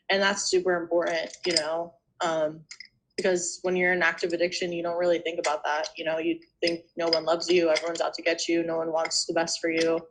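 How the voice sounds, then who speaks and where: A woman's voice: lowish voice, a little hiss or hum, low-quality recording. A young adult woman, a podcast guest, telling her personal recovery story in a rambling, casual way, full of "you know" and "like".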